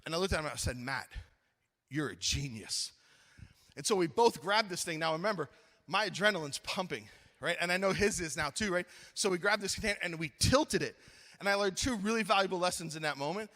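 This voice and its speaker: A middle-aged man preaching at a youth conference, telling a funny story with lively acted-out dialogue, then slowing into earnest appeals. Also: sits high, long reverb tail. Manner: animated, acts out his own story, then slows to earnest appeals. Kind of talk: storytelling sermon.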